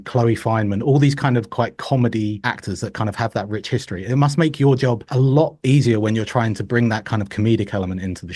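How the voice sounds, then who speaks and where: A man's voice: lowish voice, a little mellow, no echo, studio quality. A male interviewer asking long, winding questions full of hedging fillers.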